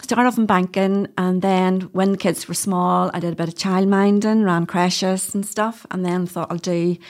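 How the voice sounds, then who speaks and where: Her voice is medium in pitch, a little mellow, fairly even in intonation and at a normal speed. She's a middle-aged doula from Northern Ireland with a Northern Irish accent, laughing a lot while telling her story as a guest in a casual podcast interview.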